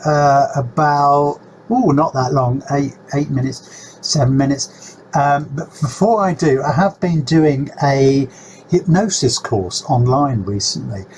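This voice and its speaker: A man's voice: medium pitch, slow pace, a little mellow, a little hiss or hum. A man hosting a reaction video, talking casually to his viewers in a rambling, hesitant way with lots of fillers and some mock hypnotist patter. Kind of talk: casual talk to camera.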